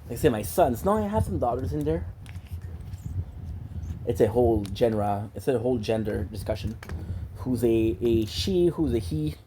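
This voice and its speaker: A man's voice: mid-range voice, animated, moderate pace, long pauses, mellow, slight background noise, rough recording. A man rambling playfully in a casual monologue, joking and drifting between topics and dropping in stray French and Spanish phrases. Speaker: gaming streamer.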